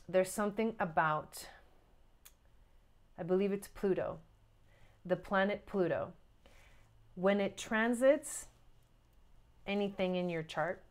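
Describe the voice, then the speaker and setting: A middle-aged woman giving a casual, earnest tarot reading, chatty and full of "like" and "you know", acting out inner voices as she talks. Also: lowish voice. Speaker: tarot reader.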